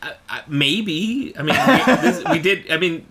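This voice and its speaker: A man's voice: a little high, lively intonation, measured pace, crowd noise. A man hosting a podcast, chatting casually with jokes and lots of fillers. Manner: rambling, jokey, lots of fillers. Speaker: podcast host. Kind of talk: casual chat.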